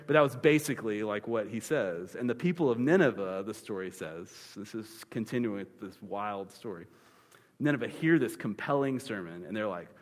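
A man preaching a sermon, retelling a scripture story in a lively, joking way with comic asides. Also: fairly low pitch. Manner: animated, playful storytelling with dad-joke humor. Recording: long reverb of a large hall.

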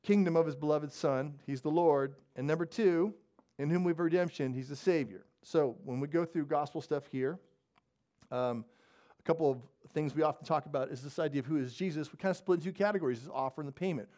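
A man leading a church service as pastor, praying and then preaching in a casual, self-deprecating, animated way. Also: fairly high pitch, brisk. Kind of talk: sermon with opening prayer. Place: church sanctuary.

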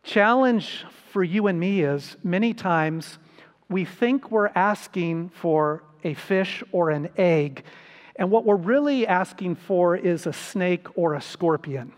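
A man preaching a sermon as pastor, slow and deliberate, with sudden rises for emphasis. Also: high voice, animated, long reverb tail.

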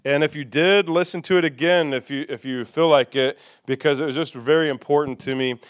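High-pitched conversational pastor, man. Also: fairly even intonation, fairly quick, clean tone. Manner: conversational and playful, leads congregation call-and-response. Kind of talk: sermon.

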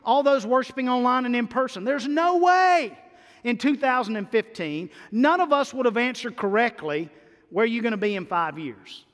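A man preaching a sermon to a church congregation, swinging between loud emphatic bursts and hushed, drawn-out phrases. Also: very high voice. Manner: animated preaching with sudden loud and soft swings. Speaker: pastor. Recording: long hall reverb.

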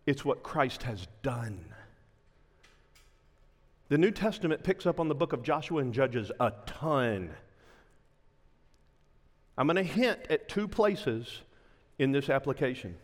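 A man preaching a sermon as a pastor, impassioned, dropping to a hush at times. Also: mid-range voice, big pitch swings, a little slow, pauses often, in a large hall.

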